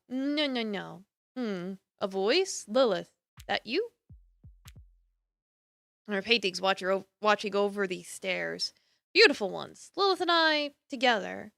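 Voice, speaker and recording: A woman streamer reads a dark horror story aloud from a game, her voice bright and forward. She moves between hushed, low lines and emphatic ones. The sound is close and dry, with no room echo, and faint music plays underneath. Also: creaky. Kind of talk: reading a horror visual novel aloud on stream.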